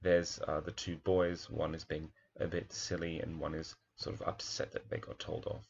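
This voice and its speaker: A man's voice: very deep voice, flat delivery, normal speed, vocal fry, muffled recording, a little hiss or hum. A male primary teacher talking through a children's picture book, reflective, with many fillers and restarts.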